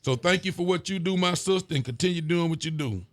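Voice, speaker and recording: A man, a sheriff hosting a casual local show, relaxed and folksy as he reads out viewer greetings. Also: high-pitched, fast talker. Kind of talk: casual call-in style show chat.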